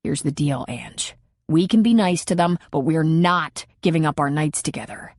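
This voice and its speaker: A woman reading as a gruff young Navy pilot. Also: low-pitched, moderate pace, darkish tone, dry recording, clean studio sound. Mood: insistent. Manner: blunt, irritated banter.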